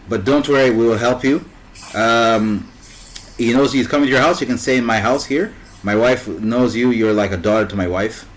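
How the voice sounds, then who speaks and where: A man's voice: medium pitch, low-quality recording. A man casually telling a long story, rambling and stopping to search for words. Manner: rambling, fills gaps with "what's it called".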